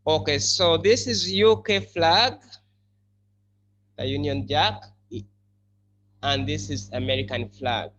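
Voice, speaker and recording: A male English teacher giving a classroom lesson, explaining slowly and repeating key words for his students. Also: a little high, a bit bright. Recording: slightly muffled with faint hum.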